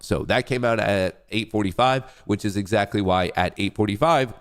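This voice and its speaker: With hardly any pauses and a moderate pace, a young man with a fairly low voice hosts a laid-back trading livestream. His nose is stuffy and congested as he rambles, jokes about himself, and talks himself up between updates.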